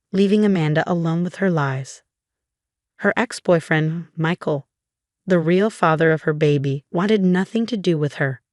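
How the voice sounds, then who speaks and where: A woman reading a scripted first-person story in an even, measured way. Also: lowish voice, no echo, clean studio sound.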